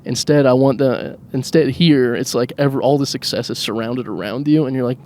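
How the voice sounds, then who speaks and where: A man's voice: medium pitch, brisk, hardly any pauses, darkish tone, slight background noise. A man hosting a solo podcast while driving a car. He rambles comically, mocks himself and laughs at his own jokes. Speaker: podcast host. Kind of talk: solo rambling comedic monologue.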